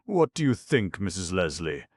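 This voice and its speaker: A man voicing an excitable, pale young man with a French accent who talks in an intense, gushing, rhapsodic way. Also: low voice, normal speed, no room sound, clean studio sound, pitched above the performer's own voice.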